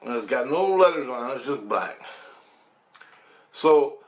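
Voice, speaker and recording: A man from Canada recounts a strange night in a loose, conversational voice. He acts out sounds and voices, drops casual curses and chuckles between lines, at an ordinary mid pitch. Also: a little slow. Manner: animated, imitates rotor sounds and acts out quoted voices; swears casually, laughs while telling. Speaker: storyteller. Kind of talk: casual first-person storytelling.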